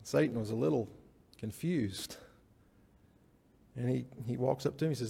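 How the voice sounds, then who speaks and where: A man's voice: medium pitch, normal speed, creaky, pauses often, warm tone, breathy edge. A man preaching a folksy sermon to his congregation, telling stories and often restarting his sentences. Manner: folksy, storytelling with frequent restarts. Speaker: pastor. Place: church. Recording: church hall reverb.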